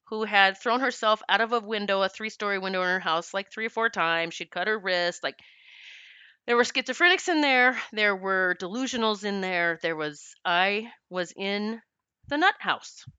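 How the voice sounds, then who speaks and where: A woman's voice: mid-range voice, moderate pace, pushed and bright, clear, resonant tone, no echo, dull audio. A middle-aged woman telling her life story candidly, laughing often and acting out what people said. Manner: acts out quoted voices of herself and others. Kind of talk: personal storytelling to camera.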